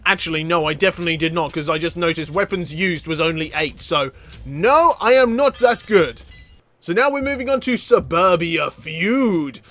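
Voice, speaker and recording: A man giving excitable gameplay commentary as a channel host, laughing often and breaking into loud exclamations. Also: on the high side, moderate pace.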